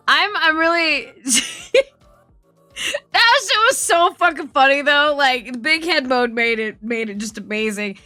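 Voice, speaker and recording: A woman's voice: high voice, bright, forceful tone, no echo. A woman streamer chatting casually, telling rambling stories and swearing a lot. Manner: profane, rambling storytelling. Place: home streaming setup.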